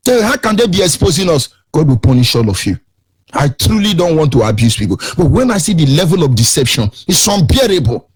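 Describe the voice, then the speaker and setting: A middle-aged Nigerian-accented man holds forth as a radio host, preaching his points with emphatic, sing-song rises. His voice sits high and swings widely in pitch, with a husky edge.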